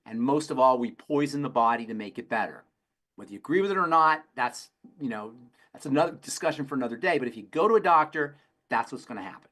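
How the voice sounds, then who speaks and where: A pharmacist's voice, a little high and fairly bright, answers health questions on a call-in show. He's emphatic, repeats phrases to stress them, and spins folksy stories.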